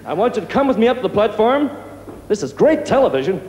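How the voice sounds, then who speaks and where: A sneering TV preacher. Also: male voice, high-pitched, very animated, fast talker, reverberant, noisy background. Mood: gloating. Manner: scornful, mocking, preaching. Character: sneering male TV preacher, greedy and cruel. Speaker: televangelist. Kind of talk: 1980s TV sketch comedy.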